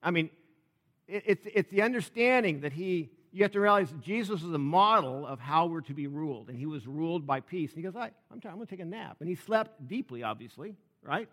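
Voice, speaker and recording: A man's voice: fairly high pitch, expressive, fairly quick, a bit bright, in a large hall. A man preaching a sermon in a conversational, joking way, often restarting his sentences. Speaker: pastor.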